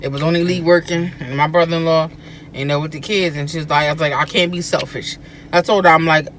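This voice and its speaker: A woman recounts family memories in a casual chat from inside a car. She is animated, often acting out what she and others said. Faint vehicle noise runs behind her. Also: low voice. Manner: animated, acts out quoted speech. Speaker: guest, host's sister.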